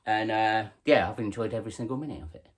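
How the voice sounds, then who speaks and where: A man, hosting a casual vlog and chatting in a relaxed way about his tarantulas, with plenty of ums. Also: on the low side, fast. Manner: chatty, laid-back, says um and uh a lot. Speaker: tarantula keeper and channel host. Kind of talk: casual show-and-tell vlog.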